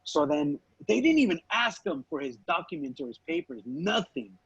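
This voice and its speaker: A man's voice: fairly high pitch, sing-song, normal speed, slightly rough, lo-fi sound. A man co-hosting a podcast, telling a story in casual chat, swearing freely and acting out his relatives' lines. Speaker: podcast co-host.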